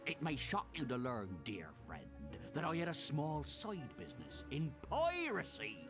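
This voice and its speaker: An actor playing the ghost of an old pirate in a video game, speaking in a growling pirate accent full of theatrical "arr"s, over game music. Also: male voice, on the high side, huge pitch swings, unhurried, exaggerated voice. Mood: mournful. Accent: pirate West Country. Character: ghostly old male pirate, mournful and grand. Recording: game audio with music behind.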